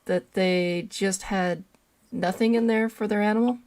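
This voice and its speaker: A woman's voice: mid-range voice, steady tone, a little slow, a little mellow. A woman joining a casual chat, stammering and insistent as she argues her point. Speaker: caller joining a podcast.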